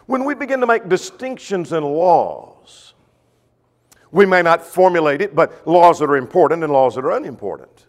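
Man preaching, lively swinging pitch. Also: moderate pace, long reverb tail. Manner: emphatic, swings from loud to soft and drawn out. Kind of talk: sermon.

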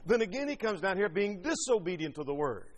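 A man delivers a sermon in a high voice, pressing his points with rhetorical questions and quoted scripture. His voice rings out in a hall with a long reverb tail. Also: big pitch swings, brisk. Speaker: preacher.

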